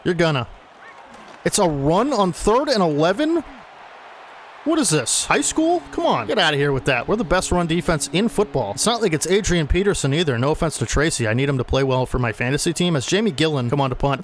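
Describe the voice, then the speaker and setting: A man's voice: a little high, a bit bright, slight background noise. A young man calling his own video game football plays in casual play-by-play commentary, growing agitated and exasperated at bad plays. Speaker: gaming channel host. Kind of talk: play-by-play commentary over gameplay.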